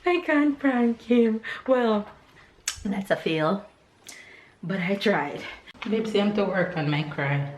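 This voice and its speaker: A woman's voice: mid-range voice, slow pace, pauses often. A woman vlogging casually at home, a mother telling stories with lots of laughter. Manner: laughing, playful, animated storytelling. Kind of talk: casual vlog chat. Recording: echoey room with background noise.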